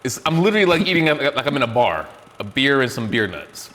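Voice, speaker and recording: A man's voice: medium pitch, sing-song, quick pace, a bit bright, big-room sound. A man hosting a casual podcast, rambling and joking at his own expense, snacking while he talks into a studio mic. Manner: rambling, self-mocking, restarts often; chewing and eating while talking. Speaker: podcast host. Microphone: studio mic with headphones.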